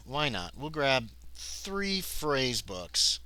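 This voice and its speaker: A man streaming a solo tabletop session reads out the game text and chats casually between passages, both to himself and to his chat. He speaks at medium pitch and a moderate pace, animated and with a sharp tone.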